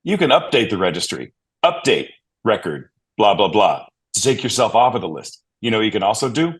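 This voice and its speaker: A man with a slightly low voice recounts a story with plenty of energy, piling on fillers and quick asides. He sounds like a panel guest talking casually among colleagues. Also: husky. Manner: animated, lots of fillers and asides.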